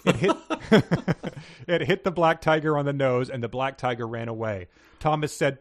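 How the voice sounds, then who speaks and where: A man at an ordinary middle pitch co-hosts a podcast. He reads passages aloud in a casual, unpolished way, with small stumbles and chuckles. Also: normal speed. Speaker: podcast co-host reading listener submissions.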